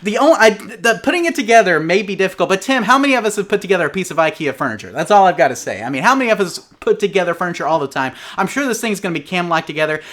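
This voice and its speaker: A fast-talking man with a bright, forceful, slightly high voice co-hosts a casual live stream over a video call. He argues his points in an animated, persuasive way. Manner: animated and persuasive, frequent "okay?" and "there you go". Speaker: co-host of a live arcade repair show. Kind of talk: casual live-stream chat, reading viewer comments. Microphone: remote video call.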